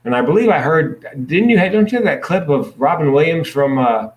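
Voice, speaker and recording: A man's voice: a little high, lively intonation, a little fast, roomy sound, poor audio. A man speaking as a podcast guest, explaining things earnestly with dry jokes. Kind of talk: podcast conversation.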